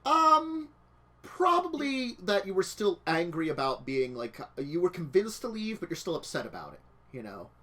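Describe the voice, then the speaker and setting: Game master, tabletop narration, bright tone, lively swooping pitch, chatty fillers. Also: normal speed. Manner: lively, laughing, loose rambling with fillers.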